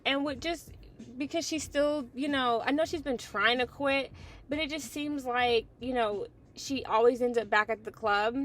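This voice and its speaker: A woman's voice: sits high, moderate pace, a bit bright, a little hiss or hum. Blunt, opinionated woman reviewing TV. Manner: blunt, opinionated, swears freely. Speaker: TV review host. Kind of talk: casual TV episode review.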